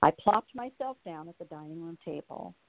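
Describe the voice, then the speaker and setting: A woman's voice: lowish voice, animated, normal speed, vocal fry. A woman in her late fifties, a guest on the show, earnestly reading her personal story aloud and then chatting about it. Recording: tinny phone line.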